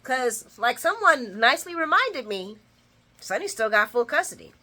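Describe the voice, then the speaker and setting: A woman talks through a soap opera recap in a casual, animated way, laughing often and breaking into dramatic exclamations. Her voice sits fairly high and sounds bright and sharp. Her pitch swings widely. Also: moderate pace.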